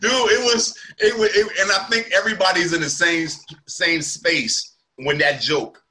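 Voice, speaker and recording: Guy comic chatting, bright voice, laughs a lot, slangy storytelling. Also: high voice, steady tone, unhurried. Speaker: comedian and podcast host. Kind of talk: casual chat.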